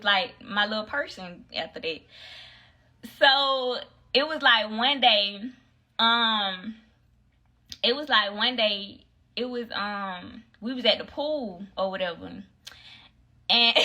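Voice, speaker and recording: A young woman telling a casual story on a phone livestream, acting out the voices of the people in it. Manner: animated storyteller, acts out voices, swings high for quoted friends.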